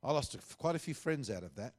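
A man's voice: medium pitch, sing-song, quick pace. A middle-aged man, a pastor, earnestly telling a testimony and acting out the dialogue he quotes.

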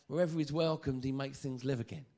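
A man preaching a sermon, lively and joking, often stammering and repeating phrases. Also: medium pitch, fast talker.

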